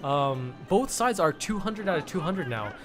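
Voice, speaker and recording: This caster's voice sits a little high and sounds very animated as he talks at a normal speed. He offers loose, rambling commentary on a strategy game tournament, restarting words as he goes, while music plays in the background.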